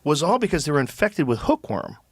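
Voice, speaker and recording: A man's voice: fairly high pitch, a little fast, husky, no room sound. Male host explaining things animatedly. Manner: animated, profane, eager explainer. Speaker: podcast host. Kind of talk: casual conversation.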